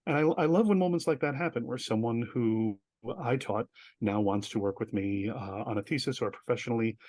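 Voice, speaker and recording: Fast-talking animated man. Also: medium pitch, dry recording. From United States. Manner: animated, acts out quoted dialogue in bursts, self-deprecating. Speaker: guest, professor and theater artist. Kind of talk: conversational storytelling in an interview.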